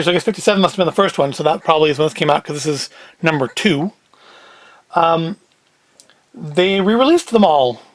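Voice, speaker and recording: A man's voice: high-pitched, no echo. A man hosting a casual solo talk, who rambles and thinks aloud in a chatty way. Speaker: host.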